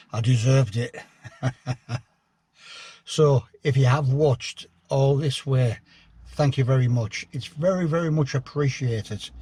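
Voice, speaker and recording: A middle-aged man, chatting to camera on a mountain path, self-mocking and a little out of breath, often trailing off quietly. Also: medium pitch, husky, no echo. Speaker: hiking vlogger. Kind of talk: casual talk to camera. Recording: outdoor wind and ambience noise.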